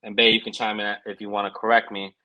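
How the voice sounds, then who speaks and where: Male podcast co-host, bright tone, earnest storyteller, casual and filler-heavy. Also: lowish voice, flat delivery, quick pace, rough recording.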